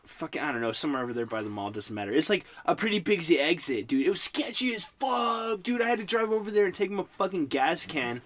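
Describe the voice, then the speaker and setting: Lively high-pitched man swearing casually. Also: fast, few pauses. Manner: lively, swearing, laughs often. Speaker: podcast co-host. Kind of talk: casual chat.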